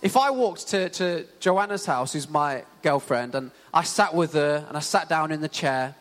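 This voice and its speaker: Preaching in a reverberant church hall, a young man tells conversational stories full of fillers like "you know." He speaks at a moderate pace in a voice on the high side.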